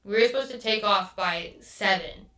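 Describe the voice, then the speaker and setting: A woman's voice: medium pitch, moderate pace, pushed and bright. Exasperated swearing woman podcaster. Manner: exasperated, swears a lot, quotes others mid-story. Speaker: podcast host. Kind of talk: casual storytelling rant. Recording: echoey room, mic at a distance.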